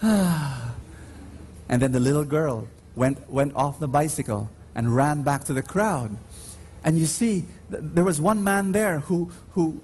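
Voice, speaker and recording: A man's voice: fairly high pitch, a little mellow, slightly rough. A man preaching a sermon in a large church, emphatic and calling out to the congregation, drawing out his stories with dramatic rises. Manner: emphatic, call-and-response with the congregation; slow, drawn-out storytelling with dramatic rises. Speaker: preacher at Mass.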